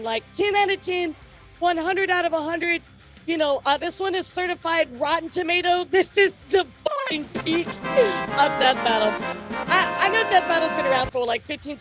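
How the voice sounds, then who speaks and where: A young woman reacting to a video as a vtuber. Her voice is very high, and she gushes excitedly, swearing freely as she talks to her chat.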